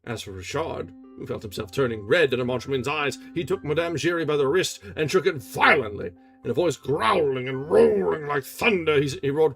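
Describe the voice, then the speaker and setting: A man's voice: on the high side, animated, fairly quick, gravelly, a bit bright, soft background music. A man streaming a live reading of a classic novel, narrating expressively with small restarts. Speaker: reader and streamer.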